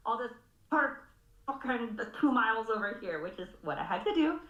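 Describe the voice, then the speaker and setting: A woman's voice: fairly high pitch, big pitch swings, normal speed, a bit bright, roomy sound, muffled recording. A woman in her thirties from California, on a video call, telling a story with lots of laughing and swearing. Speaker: group participant sharing. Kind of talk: casual group video call share.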